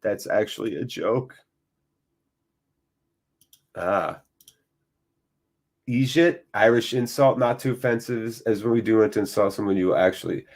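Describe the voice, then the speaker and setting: A man hosting a live match watchalong, chatting with viewers and breaking into excited play-by-play. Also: lowish voice, moderate pace, pauses often. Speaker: fan channel host.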